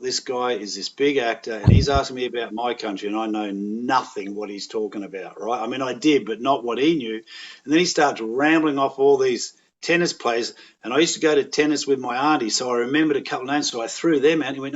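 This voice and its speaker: A man's voice: mid-range voice, brisk. Middle-aged aussie guy telling stories, acts out quotes, bit lo-fi. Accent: Australian. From Australia. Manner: rambling, animated anecdotes with voiced quotes. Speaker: podcast guest, actor. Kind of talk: casual storytelling chat.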